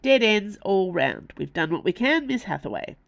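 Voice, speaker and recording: A woman reading aloud voices a gruff, sheepish police sergeant who talks in plain colloquial phrases. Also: medium pitch, sing-song, moderate pace, no room sound, lo-fi sound, pitched above the performer's own voice. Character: gruff, sheepish, bashful working-class police sergeant, man. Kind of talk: audiobook character voice.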